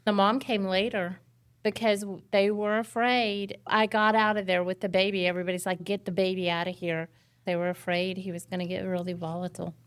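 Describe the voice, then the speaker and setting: A woman paramedic recounting a tense call on a podcast. She tells the story with animated detail. Her voice sits at an ordinary middle pitch. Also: fairly quick, clear, resonant tone. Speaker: paramedic guest. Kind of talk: casual podcast interview.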